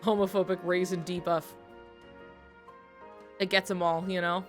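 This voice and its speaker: A woman's voice: lowish voice, flat delivery, moderate pace, faint music behind. A woman streaming at home while drawing, telling a long story to her chat in a rambling, casual way with lots of fillers and laughing asides.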